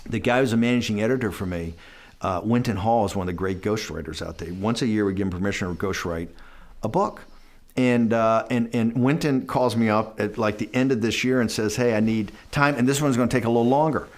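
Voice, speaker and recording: A man's voice: on the low side, brisk. Storytelling middle-aged man in an interview. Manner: anecdotal, acts out dialogue, restarts often.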